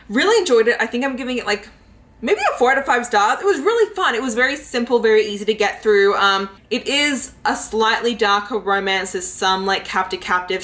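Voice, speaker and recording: Young woman rambling about books to camera, lots of likes and ums, faint hiss behind. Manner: chatty and giggly, lots of likes and ums, jumps into high pitch when excited. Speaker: book vlogger. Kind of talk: casual reading vlog chat.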